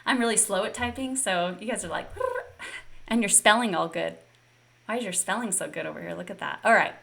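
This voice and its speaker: A woman's voice: mid-range voice, fast talker, gravelly, a bit bright. A woman fitness coach leading a live online session, upbeat and encouraging and talking straight to her viewers.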